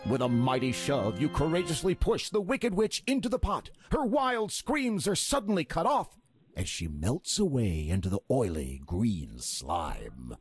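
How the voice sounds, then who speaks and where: A husky storybook game narrator. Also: mid-range voice, sing-song, dry recording. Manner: measured storybook telling. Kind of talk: scripted narration. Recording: game audio with faint music.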